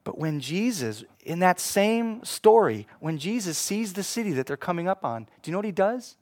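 Man, pastor preaching, fairly high voice, dry close sound, hushed to emphatic swings. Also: sing-song, moderate pace, no room sound. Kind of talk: sermon.

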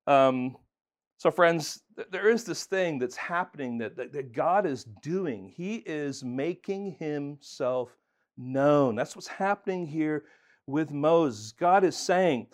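A man's voice: a little high, expressive, takes it slowly. A man preaching a sermon as pastor, earnest and emphatic, talking conversationally with fillers and restarts.

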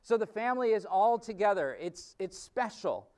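A male pastor delivers a sermon in a loose, conversational teaching style, restarting phrases and filling pauses as he goes. His voice sits high and comes through smooth and resonant. He stands some distance from the microphone. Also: lively intonation, a little mellow.

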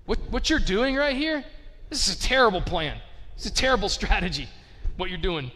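A man's voice: sits high, lively intonation, moderate pace, bright, forceful tone, big-room sound. A man preaching a casual, conversational sermon, peppering his talk with "like" and asking the listeners rhetorical questions. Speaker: pastor.

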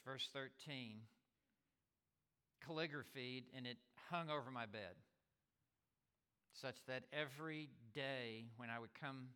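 A man's voice: mid-range voice, sharp tone, clean tone. A man preaching a sermon as a pastor, stressing and repeating key words, with small stammers as he restarts. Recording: long reverb of a large hall.

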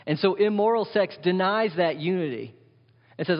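A man preaching a sermon as pastor, animated and wry, asking the congregation questions. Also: high-pitched, normal speed, big-room sound, lo-fi sound. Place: church hall.

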